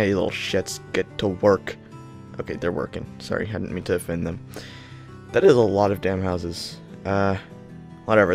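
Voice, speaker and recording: A young man giving excitable gameplay commentary, yelling in panic and triumph. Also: lowish voice. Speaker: gaming channel host.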